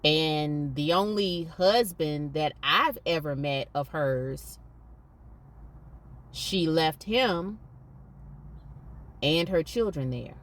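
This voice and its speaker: A woman's voice: low-pitched, animated, very slow, pauses often. A woman hosting a podcast, speaking candidly and emphatically and repeating points for stress. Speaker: podcast host.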